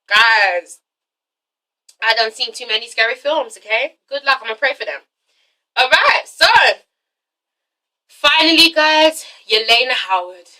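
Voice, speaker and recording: A woman's voice: sits high, bright, forceful tone, far from the mic, low-quality recording. A woman casually recapping a TV episode, emphatic and profane, acting out the characters' lines. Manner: profane, emphatic, re-enacts dialogue. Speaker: TV episode reviewer.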